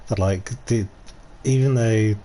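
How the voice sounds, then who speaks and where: A man's voice: lowish voice, slow pace, warm tone, slight background noise. A middle-aged man streaming casually, chatty and rambling, who swears freely and laughs often. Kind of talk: casual livestream commentary.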